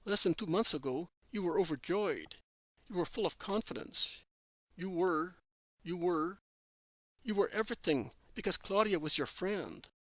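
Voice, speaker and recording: Ironic, strict apostle, read by a man, slightly high voice, dry recording. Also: animated, extremely slow, hardly any pauses, fairly bright tone, no room sound, exaggerated voice. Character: Bartholomew, ironic strict adult male apostle.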